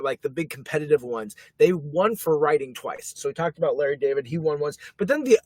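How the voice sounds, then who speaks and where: A man co-hosting a podcast in casual chat, laughing often and filling pauses. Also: on the high side, dry recording. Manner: chatty, laughs often, many fillers. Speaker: podcast co-host.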